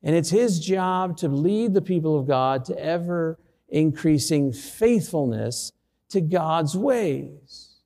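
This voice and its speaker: A man's voice: on the high side, expressive, slow pace, gravelly, warm tone, in a large hall. A middle-aged man, a pastor, preaching a sermon through a personal story with self-deprecating humor.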